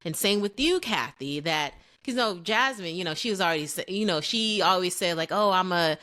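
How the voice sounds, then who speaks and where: Woman, young adult, lowish voice, earnest, reflective, casual podcast chat. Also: lively intonation, fairly quick, sharp tone. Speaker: podcast co-host.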